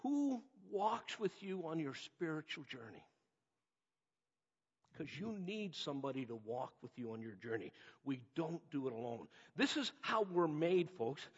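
Preacher, male, high and husky, earnest emphatic delivery; dull recording with long church reverb. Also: big pitch swings, measured pace. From North America. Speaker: pastor. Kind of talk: sermon.

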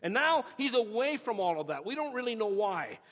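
Husky high-voiced man preaching in reverberant hall. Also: sing-song, brisk, fairly bright tone. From North America. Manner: earnest, emphatic preaching with repeated phrases. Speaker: pastor. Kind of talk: sermon. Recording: dull lo-fi audio with long hall reverb.

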